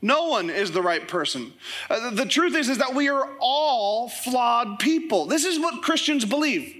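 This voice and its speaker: A man preaching a sermon as pastor, telling joking stories in a lively way to his congregation. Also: very high-pitched, normal speed. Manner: animated, joking storytelling. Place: church service with congregation.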